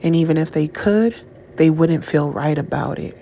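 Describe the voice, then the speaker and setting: A woman's voice: low-pitched, normal speed, dark tone. A woman talking straight to her audience in an angry, emotional monologue, often stopping and restarting her sentences. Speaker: channel host. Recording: dull lo-fi audio with faint hiss.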